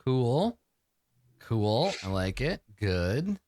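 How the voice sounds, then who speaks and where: A man running a tabletop game as game master, chatty and quick with laughing asides. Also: mid-range voice, very animated, a little mellow, dry recording, studio quality.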